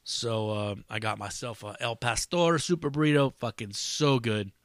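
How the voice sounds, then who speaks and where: Profane, rambling man with a lively voice. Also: mid-range voice, normal speed, dry recording, studio quality. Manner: rambling, profane, lots of fillers. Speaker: podcast host. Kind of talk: casual solo podcast monologue.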